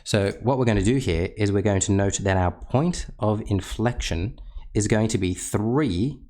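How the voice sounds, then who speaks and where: A man's voice: lowish voice, moderate pace, darkish tone. A man teaching a recorded maths lesson, explaining step by step with patient, self-deprecating asides as he works on a tablet.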